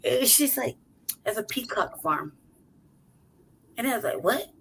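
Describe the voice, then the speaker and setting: Telling a story on a podcast she co-hosts, a city-raised woman swears freely, laughs a lot, and does voices for the people involved in an animated, casual way. She talks unhurriedly in a fairly high, gravelly voice; the audio is poor, with slight background noise.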